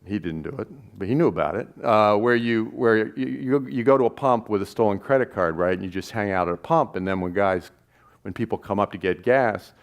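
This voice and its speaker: A man with a somewhat low voice tells a long anecdote at a live gathering. He slips into the voices of the people in the story as he goes, loose and conversational, with many restarts. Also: fairly quick. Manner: animated anecdote, acting out quoted voices. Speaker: documentary filmmaker. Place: stage at a live event.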